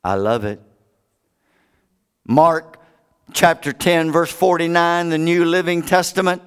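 A man's voice: slow pace, pauses often, clear, resonant tone. A man preaching a sermon in a dramatic, impassioned way. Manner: dramatic, impassioned, sweeping pitch.

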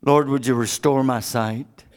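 A man's voice: medium pitch, fairly even intonation, unhurried, close to an everyday voice. A man voicing a blind male beggar, pleading earnestly to have his sight restored. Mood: yearning.

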